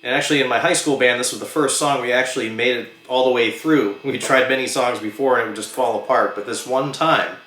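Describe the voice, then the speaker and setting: A man's voice: medium pitch, fast, few pauses. Chatty male guitar teacher in a roomy space. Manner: relaxed, chatty, sings and hums rhythms while playing. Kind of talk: casual guitar lesson. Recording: roomy sound with loud guitar playing. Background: his own electric guitar.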